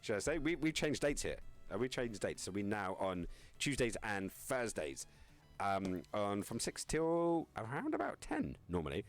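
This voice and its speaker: Lively, joking streamer man. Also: fairly low pitch, normal speed, faint music behind. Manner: rambling, joking, reads chat aloud and laughs often. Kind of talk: casual live-stream chat with viewers.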